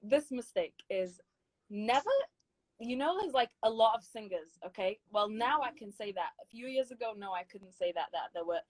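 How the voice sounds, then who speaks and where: A woman's voice: mid-range voice, expressive, moderate pace, no echo, low-quality recording. Emphatic British woman, dry close sound. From Britain. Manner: encouraging, emphatic advice-giving. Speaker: guest singer. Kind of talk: casual video chat interview.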